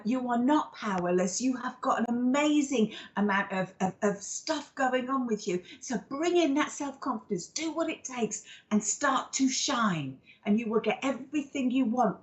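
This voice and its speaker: A woman's voice: a little high, moderate pace. A woman, a psychic medium hosting a live show, giving a card reading in an affectionate, rambling way full of fillers and endearments.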